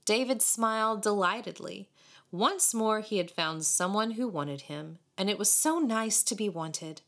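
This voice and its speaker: Lively, low-voiced woman reading a story. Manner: expressive, animated reading. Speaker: audiobook reader. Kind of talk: storybook narration.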